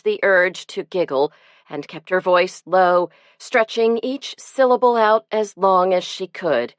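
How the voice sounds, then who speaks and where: A woman narrating an audiobook in a measured, expressive storytelling way. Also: lowish voice, no echo.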